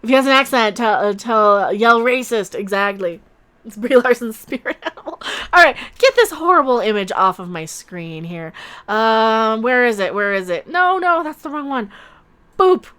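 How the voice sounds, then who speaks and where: A woman hosting a casual livestream, commenting in a sarcastic, mocking way, laughing often and swinging between loud outbursts and mutters. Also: a little high, lively intonation, normal speed, clear, resonant tone. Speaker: YouTube channel host.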